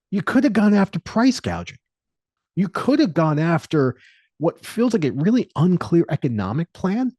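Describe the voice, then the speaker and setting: A man co-hosting a podcast, chatting casually about politics in an animated, storytelling way. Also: mid-range voice, no echo, clean studio sound. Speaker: podcast co-host.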